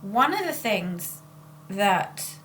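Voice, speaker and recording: A woman talks casually to her viewers, drifting off topic and catching herself mid-sentence. Her voice sits at a middling pitch for a woman, and a faint hum runs underneath the recording. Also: sing-song, extremely slow, fairly bright tone. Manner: rambling and self-interrupting. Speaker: spiritual channeler and vlogger. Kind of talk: casual chat.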